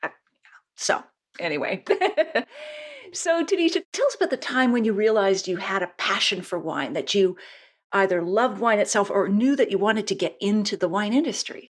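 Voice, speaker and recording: A woman hosting a podcast interview, enthusiastic and quick to laugh. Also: mid-range voice, expressive. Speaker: podcast host.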